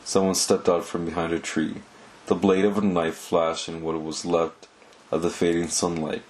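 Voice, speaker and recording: Deep-voiced man reading a story aloud. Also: little pitch movement, normal speed, darkish tone, low-quality recording. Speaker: audiobook narrator.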